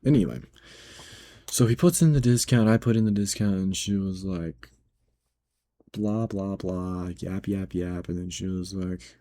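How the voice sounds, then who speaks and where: A man's voice: low-pitched, unhurried, dark tone. A young man working as a grocery cashier, retelling a bad customer story in a casual, slangy, exasperated way.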